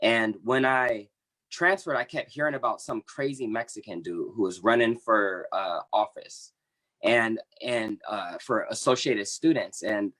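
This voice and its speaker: A man in his thirties, a membership coordinator for an activist group, telling his personal story on an online panel in an earnest, impassioned way, with halting restarts. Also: lowish voice, a bit bright.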